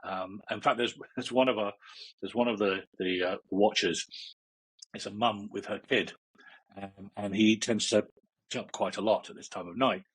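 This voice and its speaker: A man's voice: fairly low pitch, steady tone, normal speed, husky, poor audio. A man, a meditation teacher, chatting as a guest in a casual interview, rambling with fillers and often laughing. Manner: rambling, many fillers and restarts, laughs a lot.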